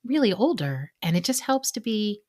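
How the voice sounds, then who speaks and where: A woman co-hosting a podcast, telling personal stories in a chatty way with many "like"s and quick laughs. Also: mid-range voice, big pitch swings, a little mellow. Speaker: podcast co-host. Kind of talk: casual chat.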